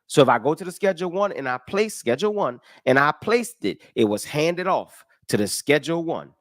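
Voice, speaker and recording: On a live stream with comments, a male tax educator gives a casual but emphatic lesson, walking through a form line by line, counting aloud, and tossing rhetorical questions and folksy talk at listeners. His brisk, high-leaning voice is animated, recorded dry with clean studio sound.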